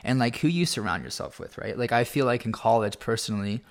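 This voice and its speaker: A man's voice: mid-range voice, lively intonation, quick pace, creaky. A man in his twenties from Arizona, hosting a podcast in casual chat, laid-back and leaning on filler words. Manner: laid-back, heavy on "like" and "bro". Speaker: podcast host.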